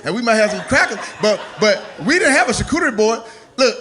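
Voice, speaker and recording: A man's voice: extremely high pitch, expressive, fast talker, a bit bright. A man doing a stand-up comedy set on stage, loose and playful, slipping into character voices. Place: comedy stage before a live audience.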